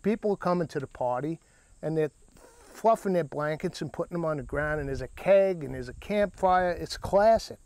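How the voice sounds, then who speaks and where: A middle-aged man from Long Island hosting a cooking vlog, telling a rambling, animated story in a casual chat. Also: a little high, moderate pace, dry recording.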